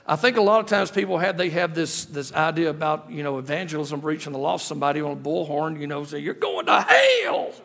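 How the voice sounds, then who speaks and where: Folksy preacher in an echoing church. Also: male voice, a little high, steady tone, fast, gravelly, few pauses. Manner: folksy, repeats and restarts words. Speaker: guest pastor. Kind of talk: sermon. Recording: long reverb of a church hall.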